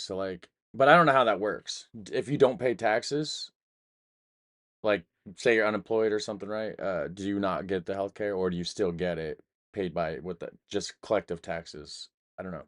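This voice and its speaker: A man's voice: sits low, fairly bright tone. A man hosting a reaction video, commenting casually and thinking aloud with hesitant, rambling asides. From United States. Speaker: reaction host.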